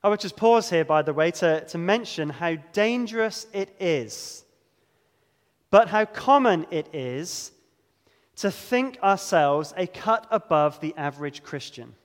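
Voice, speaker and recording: A man preaching a sermon, earnest and emphatic, slowing down to stress key words. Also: high voice, expressive, big-room sound.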